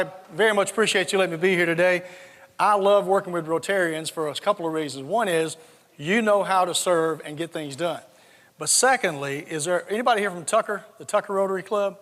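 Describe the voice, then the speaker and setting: A man's voice: sits high, brisk, a bit bright, a faint crowd. A man in his sixties from South Georgia with a Southern accent, telling folksy, joking stories in a keynote speech. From South Georgia, USA. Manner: folksy, joking, repeats words when starting a thought. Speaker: conference speaker. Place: large conference hall. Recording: reverberant conference hall.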